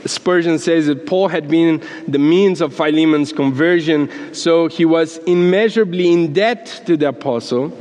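A man preaching a sermon in an animated way, laughing as he acts out quotes and often repeating words. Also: a little high. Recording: long hall reverb.

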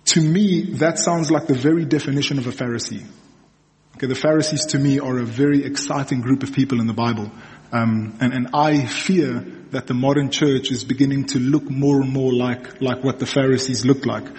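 A man's voice: medium pitch, steady tone, moderate pace, a little mellow. A young adult man giving a sermon in a conversational storytelling manner, checking in with the audience often. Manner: conversational storytelling, frequent okays and restarts. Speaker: preacher. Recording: long reverb in a large hall.

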